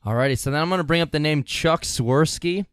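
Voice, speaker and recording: A man's voice: on the high side, a little fast, smooth. A young man hosting a casual podcast, laid-back, swearing a lot and laughing often. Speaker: podcast host. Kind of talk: casual chat.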